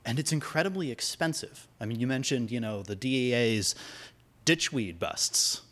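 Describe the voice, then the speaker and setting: A man's voice: medium pitch, animated, normal speed. A man from the audience laying out a long, carefully argued question to a panel. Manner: long, reasoned question, soft at first. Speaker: audience member asking a question.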